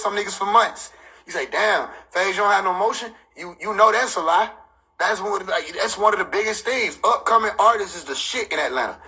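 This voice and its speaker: A man's voice: sits high, bright, forceful tone, breathy edge, low-quality recording. A man in a casual, profane monologue rant, lecturing on scripture in street slang and laughing between his points.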